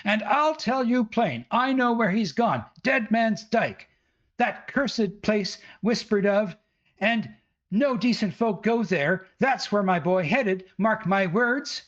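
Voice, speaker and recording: A man's voice: sits high, lively intonation, slow, fairly bright tone, highs cut off, pitched above the performer's own voice, exaggerated voice. A man voicing an angry middle-aged village mother who scolds and rants indignantly. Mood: furious scolding.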